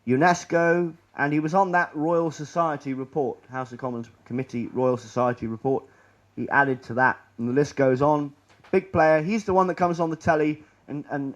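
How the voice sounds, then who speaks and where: A man's voice: fairly high pitch, muffled recording. Rambling sarcastic man lecturing. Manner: rambling, sarcastic, full of restarts. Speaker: conspiracy lecturer. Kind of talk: rambling talk with slides.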